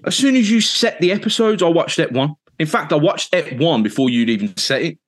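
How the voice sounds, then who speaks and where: A man's voice: fairly high pitch, animated, brisk, dry recording. A man in casual podcast chat, grumbling and ranting with plenty of swearing. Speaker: podcast co-host.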